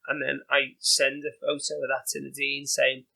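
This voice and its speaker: A man with a Liverpool Scouse accent, a podcast guest telling animated, chatty stories with lots of "you know" and "like". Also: medium pitch, normal speed, creaky, low-quality recording. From England. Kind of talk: casual anecdotal storytelling.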